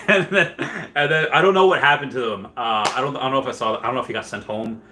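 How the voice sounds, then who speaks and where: A man hosting a casual livestream who rambles on, reads viewer comments aloud and breaks into loud, excited bursts. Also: medium pitch, quick pace, a little hiss or hum. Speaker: livestream host.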